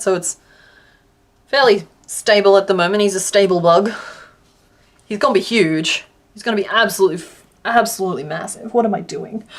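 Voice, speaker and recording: An Australian woman chatting casually on a live stream while she crochets, answering her chat and laughing often. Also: mid-range voice.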